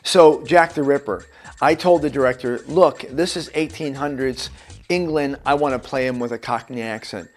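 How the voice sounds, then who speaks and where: A man's voice: medium pitch, normal speed. A man, an actor, giving casual career tips in a chatty, anecdotal way and speaking directly to the viewer. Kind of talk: conversational tips video.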